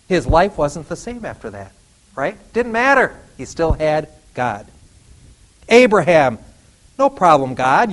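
A man preaching a sermon, animated, acting out biblical dialogue with laughs and sudden outbursts. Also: high voice, low-quality recording. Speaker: pastor.

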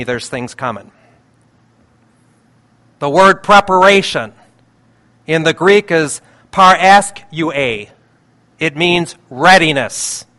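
An older man preaching a sermon in an emotional, pleading way, slowing down to stress key words. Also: a little high, bright, forceful tone. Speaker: pastor.

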